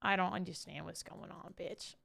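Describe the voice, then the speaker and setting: A young woman streaming live, chatting and ranting to her viewers in an animated way, swearing casually. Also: lowish voice, normal speed, vocal fry. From Canada. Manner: animated, ranty, swears casually, talks to chat.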